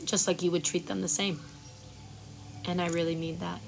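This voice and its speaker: A woman hosting a live Reiki session outdoors. She chats with viewers, stumbles over their names, then gives soft, slow breathing cues. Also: on the low side, flat delivery, vocal fry, over music. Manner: chatty, reads viewers' names aloud and fumbles them. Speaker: Reiki practitioner and stream host. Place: outdoors at sunrise.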